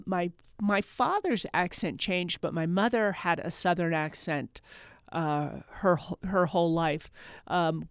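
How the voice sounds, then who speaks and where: A woman's voice: lowish voice, clean tone, no room sound, clean studio sound. A middle-aged woman, a folklorist guest on a radio interview, speaking thoughtfully and often repeating words while she searches for them. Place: radio studio. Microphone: studio microphone.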